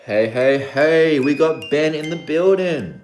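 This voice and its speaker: An upbeat livestream host with an Australian accent, from Australia, chatting casually and greeting viewers by name with playful shout-outs. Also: mid-range voice, animated, slow. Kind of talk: casual live-stream chat. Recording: roomy room with music playing. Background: background music.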